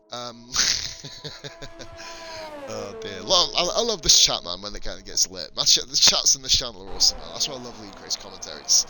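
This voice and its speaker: Sweary northern English race commentator. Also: male voice, medium pitch, poor audio. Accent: northern English mixed with Welsh. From northern England. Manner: swears freely, banters with viewers. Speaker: sim racing commentator. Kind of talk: live-stream race commentary chatting with chat.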